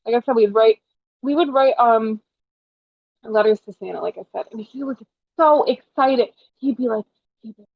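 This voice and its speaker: A young woman co-hosting a podcast in casual chat, talking in a chatty way with animated retellings and plenty of fillers. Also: on the high side, brisk, no echo. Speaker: podcast co-host. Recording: dull lo-fi podcast audio.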